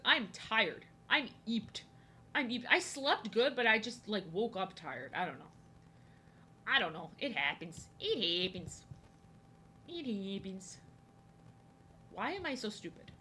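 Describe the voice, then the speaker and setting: With a mid-range, bright voice and a forceful tone, a young woman draws on stream while casually chatting with viewers. She answers the chat and tends to repeat herself, and there's slight background noise.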